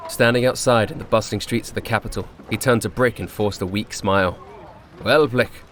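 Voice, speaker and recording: A man's voice: on the low side, fairly even intonation, fairly quick, fairly bright tone, a little hiss or hum. Man narrating a wry fantasy tale. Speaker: player narrating a character backstory. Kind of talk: storytelling narration.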